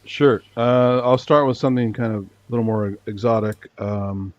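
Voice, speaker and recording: A man's voice: medium pitch, little pitch movement, moderate pace, dry recording, highs cut off. A man co-hosting a casual chat over a video call, hesitant and apologetic, with many fillers. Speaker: co-host.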